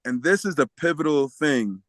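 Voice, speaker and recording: A man telling a story as a podcast guest, animated and often laughing, acting out the voices of the people in it. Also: a little high, moderate pace, no echo. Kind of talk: storytelling in a casual interview.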